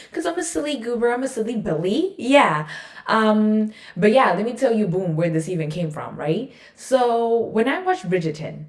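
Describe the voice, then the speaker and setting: Low-voiced young woman hosting a chatty podcast. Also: darkish tone, reverberant. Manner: chatty, playful, self-mocking. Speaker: podcast host. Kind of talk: casual podcast chat and poetry reading.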